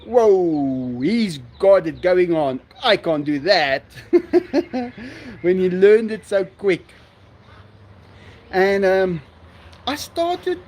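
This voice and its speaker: A man's voice: high voice, darkish tone, slight background noise. A man, hosting a live stream in casual chat and answering viewers, laughing often.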